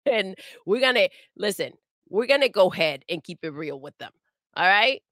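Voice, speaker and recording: A woman co-hosting a gaming livestream, egging her partner on with quick hype interjections and laughter. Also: medium pitch, expressive, fairly bright tone, dry recording, studio quality. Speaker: co-host of a gaming talk stream. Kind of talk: casual livestream banter.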